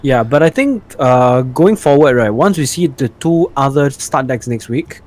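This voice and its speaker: A man's voice: medium pitch, lively intonation, measured pace, a little mellow. A man co-hosting a casual livestream, laid-back, with short replies. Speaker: livestream co-host.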